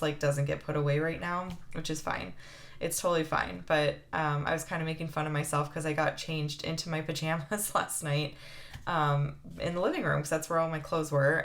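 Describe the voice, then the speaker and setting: A woman in her thirties chatting heartfelt to camera as a planner vlogger, with lots of fillers. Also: low-pitched. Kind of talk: casual chat to camera.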